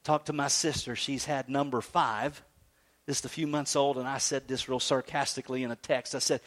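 A man preaching a sermon, swinging between emphatic high peaks and low, soft stretches. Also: brisk. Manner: animated preaching, rising to emphatic highs then dropping low and soft. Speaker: pastor.

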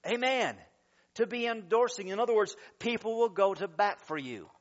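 Male pastor, high-pitched and animated sermon delivery, muffled lo-fi sound. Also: normal speed. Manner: animated, shouts praise and laughs while preaching.

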